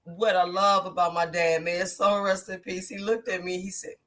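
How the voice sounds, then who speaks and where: A woman's voice: lowish voice, normal speed. A woman guest on a podcast, an actress telling stories in casual chat, acting out quotes and laughing often. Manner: animated storyteller, acts out quotes, laughs often. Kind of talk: casual storytelling interview.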